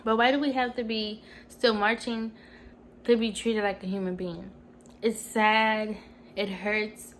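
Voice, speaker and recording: A young woman in her twenties speaks to her camera at home, her voice at an ordinary middle pitch. She talks in an earnest, emotional and rambling way, filling her thoughts with "you know". A faint hiss of noise sits under the recording. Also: level tone, a little slow, a bit bright, low-quality recording. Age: 20s. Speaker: vlogger. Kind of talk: casual personal vlog. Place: at home, TV on mute.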